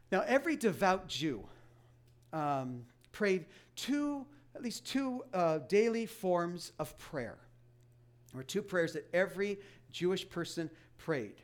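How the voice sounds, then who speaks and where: A middle-aged man preaching a sermon as pastor, emphatic, with frequent restarts and asides. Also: a little high.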